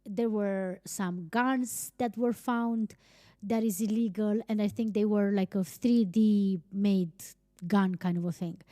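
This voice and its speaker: A young woman from Romania, hosting a podcast and telling a personal story in a chatty, animated way, full of "like" fillers and casual swearing. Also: mid-range voice, takes it slowly, dry recording, studio quality. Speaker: podcast host.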